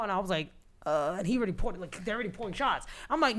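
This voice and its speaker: A woman from New City, a podcast guest telling a story in slangy, profane, animated talk full of quoted dialogue. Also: on the low side, very fast. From New York City.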